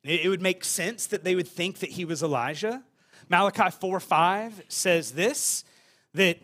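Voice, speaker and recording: A man's voice: high-pitched, unhurried, bright, forceful tone. A man preaching a sermon in a conversational way, with casual asides and frequent repeated words. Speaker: pastor.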